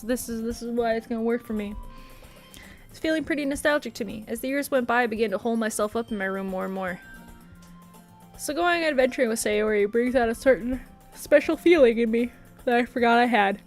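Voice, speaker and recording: Woman voicing teenage boy protagonist, wry, dry narration, visual novel read-aloud, soft music. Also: fairly high pitch, close to an everyday voice. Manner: dry, matter-of-fact narrating.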